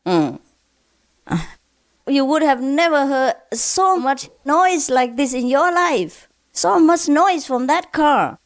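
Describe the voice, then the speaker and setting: A woman's voice: high voice, big pitch swings, takes it slowly, dry recording, studio quality, pitched above the performer's own voice, full character voice. A woman voicing a man who complains emphatically about his noisy used car. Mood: exasperated. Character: exasperated male car owner complaining.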